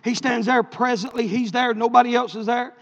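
A man preaching a sermon, telling stories with passion and swinging between loud and hushed delivery. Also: very high voice, fairly even intonation, fairly quick, gravelly. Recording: echoey hall, dull lo-fi sound.

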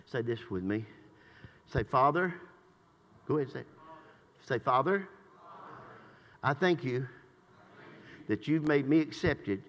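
Older male preacher, bright and forceful, shouting praise one moment, chatting low the next, church reverb. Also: lively intonation, unhurried, long pauses, muffled recording. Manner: swings from shouted praise to low conversational asides. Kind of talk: sermon. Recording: long reverb in a church hall.

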